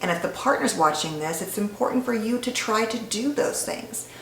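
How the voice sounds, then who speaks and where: A woman's voice: medium pitch, lively intonation, moderate pace, a bit bright, a little hiss or hum. A woman psychologist giving an educational talk straight to the viewer, conversational and explanatory. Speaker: licensed psychologist. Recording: echoey room with faint ambience.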